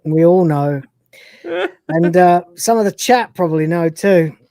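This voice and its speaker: Woman host, mellow low voice, dry close sound, lively scene-by-scene retelling. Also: unhurried, no room sound. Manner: animated retelling of scenes, laughs and swears freely. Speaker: podcast host. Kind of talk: casual review chat.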